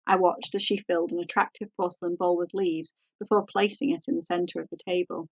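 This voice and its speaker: A woman author reading her novel aloud in a measured, composed way. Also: lowish voice, level tone, no room sound, lo-fi sound.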